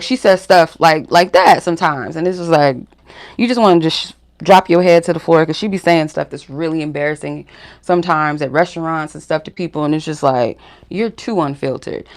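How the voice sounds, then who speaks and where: A woman hosting her spiritual reading channel, talking frankly to camera in a casual monologue full of fillers and asides. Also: sits low. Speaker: spiritual reader and channel host.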